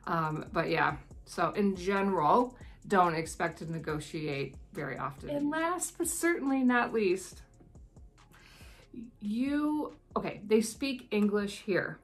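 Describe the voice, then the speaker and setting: A woman's voice: mid-range voice, animated, slow, faint music behind. An American woman vlogging casual advice in a chatty, rambling way, laughing often. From United States.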